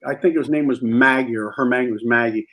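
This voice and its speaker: A man telling an animated anecdote as a guest on a comedy talk show, acting out the scenes as he goes. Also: medium pitch, brisk.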